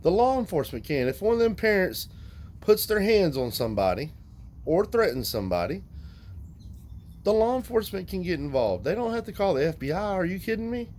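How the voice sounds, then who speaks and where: A man's voice: high voice, big pitch swings, a little fast, a little mellow, a little hiss or hum, poor audio. A man, speaking bluntly and profanely as he rants straight at his viewers. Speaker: vlogger. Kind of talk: casual ranting monologue to viewers.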